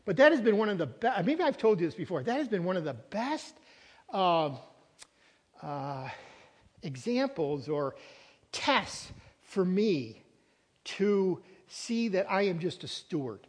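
A man's voice: sits high, very animated, measured pace, long pauses, a little mellow. A man preaching a sermon as pastor, earnest and emphatic, repeating key words. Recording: reverberant hall, long echo.

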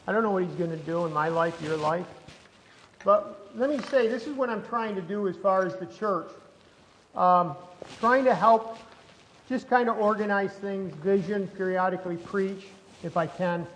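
A man's voice: sits high, unhurried, slight background noise. A man, a pastor, preaching a conversational sermon while chewing gum, with frequent restarts and rising emphasis. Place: church sanctuary. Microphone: not wearing his lapel mic. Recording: long hall reverb.

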